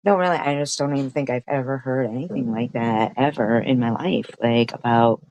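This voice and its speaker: A woman's voice: a bass voice, fairly quick, darkish tone, slight background noise, rough recording. A woman streamer giving reaction commentary, stammering, repeating herself and swearing in outrage.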